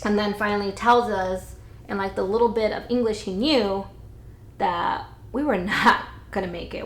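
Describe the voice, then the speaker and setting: A woman's voice: medium pitch, creaky, fairly bright tone, a little hiss or hum. A young woman vlogger telling a casual, blunt storytime with some swearing, recorded indoors on a camera-mounted mic. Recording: roomy echo.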